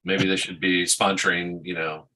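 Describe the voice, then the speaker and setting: A man's voice: low-pitched, little pitch movement, moderate pace, bright, forceful tone, low-quality recording. A man co-hosting a casual markets talk show, emphatic and full of trader jargon. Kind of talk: casual chat.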